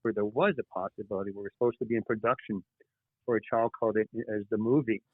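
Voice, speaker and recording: A man, the guest author, telling animated stories in an interview, halting and restarting often. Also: on the low side, no echo. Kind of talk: storytelling interview chat. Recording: tinny phone-like line.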